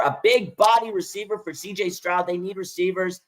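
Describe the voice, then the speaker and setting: Excitable man hosting a live draft stream. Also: high-pitched, moderate pace, hardly any pauses. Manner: excited, rambling, laughs and repeats himself. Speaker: livestream host. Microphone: streaming microphone.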